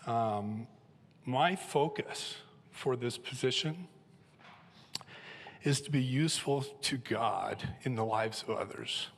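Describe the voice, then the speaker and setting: A man's voice: mid-range voice, takes it slowly, creaky, long pauses, long reverb tail. A seventy-year-old man from Southern California, humbly and emotionally introducing himself as an elder candidate on a church stage with a handheld mic. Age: 70s. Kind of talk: personal testimony on stage. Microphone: handheld microphone.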